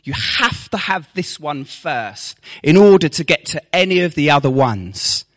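Guy preaching, lively up-and-down voice, bit higher pitched, teasing asides. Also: a little slow. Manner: animated, mocking asides, rhetorical questions. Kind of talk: sermon.

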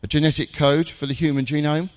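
A man preaching a jokey, conversational sermon in a church, with dramatic pauses. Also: fairly high pitch, level tone, long reverb tail.

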